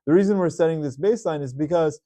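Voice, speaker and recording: A man teaching Hebrew reading rules in a patient video lesson, repeating key words slowly. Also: on the high side, mellow, no echo.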